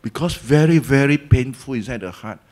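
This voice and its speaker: A man with a Singaporean English accent gives a Dhamma talk as a Buddhist teacher. He tells the story lively, acts out the people in it, and mixes in colloquial local words. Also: medium pitch, normal speed. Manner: colloquial, Malay and Hokkien words mixed in.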